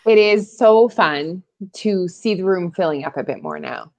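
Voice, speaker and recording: A woman's voice: fairly low pitch, animated, unhurried, a little mellow, no echo. Upbeat woman, dry close sound. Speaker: co-host of a livestream. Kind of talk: casual livestream chat.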